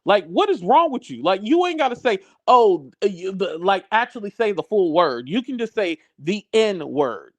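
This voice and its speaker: A man's voice: high voice, sing-song, normal speed, few pauses. A man arguing bluntly and confrontationally on a livestream panel, repeating his points for emphasis. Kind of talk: heated argument on a livestream.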